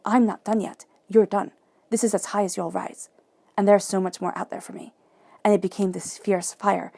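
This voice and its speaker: Gravelly-voiced woman doing a tarot reading. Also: no room sound. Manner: earnest, emphatic and encouraging, addressing the listener directly; softens into a low murmur when chanting questions to the cards. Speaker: tarot reader.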